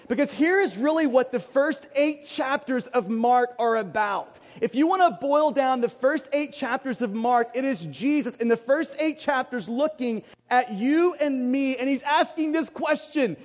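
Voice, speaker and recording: A man preaching a sermon with a strikingly high voice, pressing his points with emphatic repetition. Long reverb trails his words, as in a big sanctuary. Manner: emphatic, repeats key questions. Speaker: pastor.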